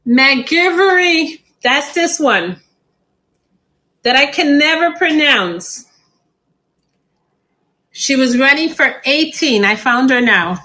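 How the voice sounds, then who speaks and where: A woman's voice: sits high, expressive, takes it slowly, long pauses, bright, forceful tone, low-quality recording. A middle-aged woman hosting a live plant sale stream, chatty and laughing often.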